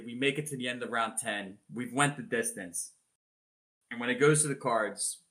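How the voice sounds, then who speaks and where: A man on a podcast retelling a boxing match blow by blow, animated and swearing freely. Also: mid-range voice. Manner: animated, swears freely, acts out announcers' shouted calls. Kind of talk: casual storytelling chat.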